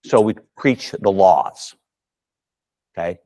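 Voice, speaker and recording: A man's voice: low voice, takes it slowly. A man coaching golf at a seminar for fellow coaches, talking casually and acting out dialogue with his students. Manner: animated storyteller acting out dialogue.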